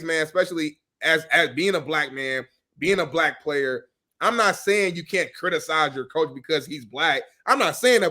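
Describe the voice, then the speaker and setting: A man speaking as a panelist in a casual sports debate, earnest and measured. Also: a little high, bright, forceful tone.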